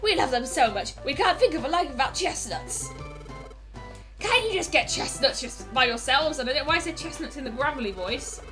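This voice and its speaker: A woman voicing a gruff, pushy gang of monkey creatures in a game playthrough, with a gravelly put-on voice. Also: high-pitched. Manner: pushy, demanding.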